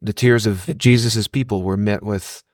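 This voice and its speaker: A man co-hosting a Christian podcast, speaking in a measured, thoughtful way and quoting scripture. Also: fairly low pitch, fairly even intonation, dry recording, studio quality. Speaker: podcast co-host.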